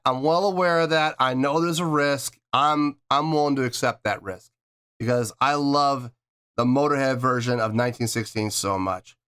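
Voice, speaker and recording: A man's voice: a little high, fairly bright tone, smooth. A man hosting a music reaction video, talking in an earnest, rambling way and repeating himself, choked up and teary. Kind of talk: casual reaction video talk.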